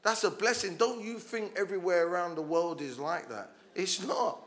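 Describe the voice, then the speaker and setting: High-voiced passionate male preacher. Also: normal speed. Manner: passionate, rising to loud exhortation with frequent restarts. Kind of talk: sermon.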